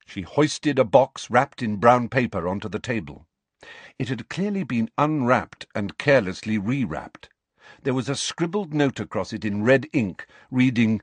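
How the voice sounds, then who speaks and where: A man narrating a storybook in an expressive, measured way. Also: medium pitch, breathy edge, no echo. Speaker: audiobook narrator.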